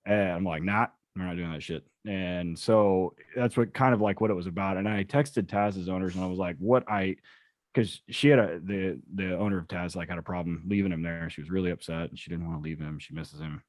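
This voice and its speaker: Low-voiced man, profane storyteller. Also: brisk, darkish tone, no room sound. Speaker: podcast co-host. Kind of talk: casual chat.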